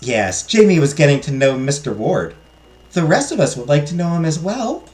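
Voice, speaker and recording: A man's voice: fairly high pitch, big pitch swings, normal speed, darkish tone, reverberant, soft background music, voice pushed up. A man voicing a cheerful, wry middle-aged mother with a put-on North Dakota accent. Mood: teasing. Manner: teasing, wry.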